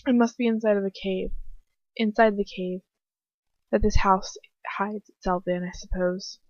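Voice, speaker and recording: A woman's voice: mid-range voice, steady tone, unhurried, no room sound. A young woman reading first-person fan fiction aloud at home, breaking off now and then to comment on the text. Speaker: fanfiction reader. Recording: dry, dull home recording.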